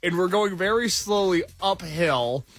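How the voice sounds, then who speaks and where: High-pitched man, self-mocking humor. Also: lively intonation, unhurried, a bit bright. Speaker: co-host. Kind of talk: casual chat.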